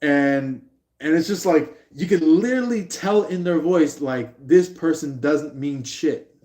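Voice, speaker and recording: A man's voice: on the high side, a little slow, a little mellow, reverberant. A man giving a live-streamed tarot reading in a rambling way, with many fillers, acting out the people he describes in raised voices. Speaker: tarot reader.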